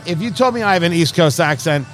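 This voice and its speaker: A man hosting a casual podcast, joking and talking fast with lively, restless energy. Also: fairly high pitch, faint music behind. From New Jersey, USA. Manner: quick, animated, jokey, talks over others. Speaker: podcast host. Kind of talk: casual chat.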